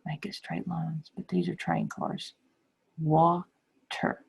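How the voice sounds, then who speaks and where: A middle-aged woman teacher explaining phonics to young children slowly and patiently. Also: deep voice, flat delivery, vocal fry, darkish tone, breathy edge, low-quality recording. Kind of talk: recorded phonics lesson.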